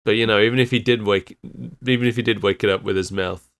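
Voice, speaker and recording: A man's voice: lowish voice, fairly even intonation, fast, a bit bright, smooth. Guy on a podcast, chill chat, keeps giggling while he talks. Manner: giggly, laughs through sentences. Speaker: podcast co-host. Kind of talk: casual chat.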